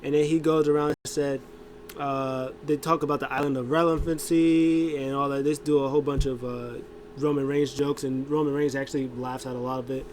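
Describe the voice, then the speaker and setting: A man's voice: medium pitch, level tone, brisk, darkish tone, slight background noise. A man casually recapping a wrestling show, rambling with lots of fillers and acting out quotes. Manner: rambling, many fillers and restarts, acts out quotes.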